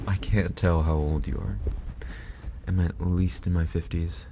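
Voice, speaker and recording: Sleepy low-voiced man streaming ASMR. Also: flat delivery, measured pace, dark tone, a little hiss or hum. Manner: joking, crude, laid-back banter. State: sleepy with coughs. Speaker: streamer host. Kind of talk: casual late-night ASMR live stream chat. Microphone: binaural dummy-head mic.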